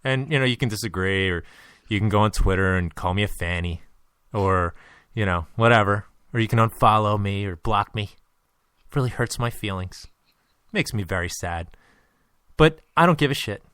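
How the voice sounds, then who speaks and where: A man's voice: on the low side, normal speed, fairly bright tone, clear, resonant tone, dry recording, studio quality. A man hosting a podcast, talking in a blunt, profane, ranting way and joking between points. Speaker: podcast host. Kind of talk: casual chat.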